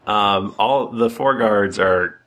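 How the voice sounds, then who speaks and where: A man running a tabletop game as game master, relaxed and a little hesitant with fillers. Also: on the low side, slow.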